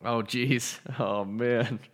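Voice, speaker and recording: A man's voice: mid-range voice, fairly even intonation, drawn-out words, noisy background. A man co-hosting a casual podcast, rambling with lots of fillers and casual swearing. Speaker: podcast co-host. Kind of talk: casual chat.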